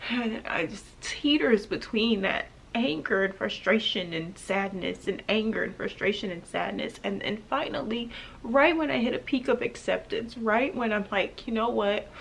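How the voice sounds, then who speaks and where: A young adult woman telling a painful personal story to camera, halting and emotional, with pauses and restarts. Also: fairly high pitch, vocal fry, a bit bright, slight background noise. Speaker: vlogger.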